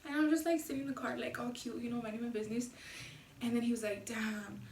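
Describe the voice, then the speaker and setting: A young woman with a somewhat high voice tells a casual, profane storytime, acting out quotes with animated slang. The low-quality mic sits back from her in an echoey room with a faint hiss. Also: fast talker, recorded from a distance. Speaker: vlogger. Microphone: low-quality camera mic.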